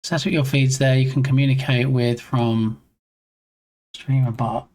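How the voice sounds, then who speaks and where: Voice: mid-range voice, little pitch movement, measured pace, a little mellow. Chatty streamer thinking aloud while troubleshooting. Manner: muses to self, reads screen text aloud, chats with viewers. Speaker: game dev streamer. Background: headphones on.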